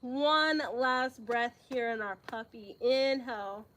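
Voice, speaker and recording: Young woman, high voice, a little out of breath, calm yoga cues, casual asides. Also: slow, slight background noise. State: slightly out of breath. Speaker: yoga instructor. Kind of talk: live yoga class instruction.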